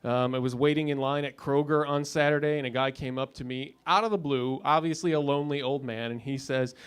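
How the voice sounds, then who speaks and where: A man's voice: medium pitch, steady tone, fairly quick, clean tone. A man in his thirties doing a stand-up comedy set in a club lounge, with a dry, sardonic delivery and punchlines that build up. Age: 30s.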